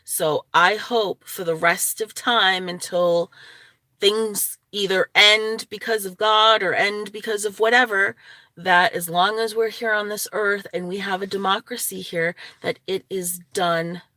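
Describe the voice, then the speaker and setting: A woman's voice: medium pitch, steady tone, a little slow, pushed and bright, dry recording. A woman vlogging casually to her viewers, chatty and opinionated, laughing often as she talks. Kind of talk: casual talking-head vlog.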